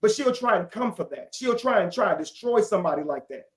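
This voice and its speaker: A man's voice: high voice, lively intonation, a little fast. A man talking as a guest on a live stream, indignant and defensive, swearing often. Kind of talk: heated live stream talk.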